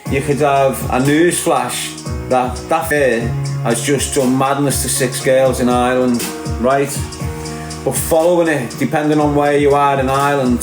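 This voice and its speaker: A man with a Liverpool accent hosts a casual livestream. He rambles and drives his points home emphatically, speaking directly to his audience. His voice sits at a middling pitch in an echoey room, with music playing clearly behind him. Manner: rambling and emphatic, talks straight to the listener. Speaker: podcast host.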